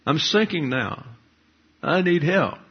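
A preacher in a sermon acting out a frightened man who pleads for help as he sinks, in a husky voice on a dull lo-fi recording. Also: on the high side, animated, takes it slowly, pitched above the performer's own voice, exaggerated voice. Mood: pleading. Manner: pleading, anxious.

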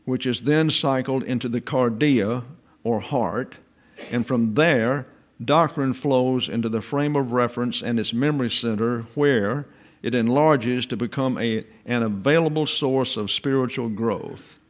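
A man's voice: mid-range voice, unhurried. A man teaching the Bible to a class, stressing Greek words, asking rhetorical questions and often restarting his sentences. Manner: emphatic, repeats words and stresses Greek terms.

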